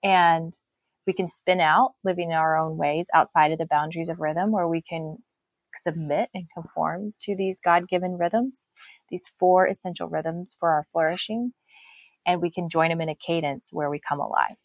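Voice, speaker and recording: A woman's voice: fairly low pitch, fairly even intonation, normal speed, no echo. A woman speaking as an author guest on a faith-based podcast, reflective and earnest, often restarting her sentences.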